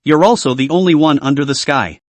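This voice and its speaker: A man voicing a cold, aloof male senior cultivator who speaks unhurried and disdainful. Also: fairly high pitch, no echo, natural voice.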